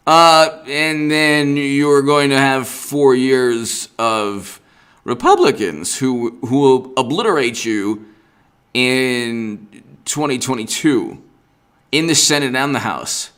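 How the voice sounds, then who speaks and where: A man's voice: medium pitch, slow, a bit bright, clear, resonant tone. A man hosting a political livestream, ranting with sarcasm and exasperation and greeting viewers in the chat by name. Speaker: political commentary host.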